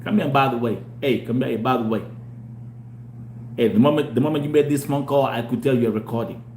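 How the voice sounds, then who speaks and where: A man's voice: mid-range voice, a little fast. A Kenyan man hosting a show, telling a story casually and acting out the dialogue, slipping into Swahili slang. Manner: animated, mixes English and Swahili slang, acts out dialogue. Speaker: show host. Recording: echoey room with faint hum.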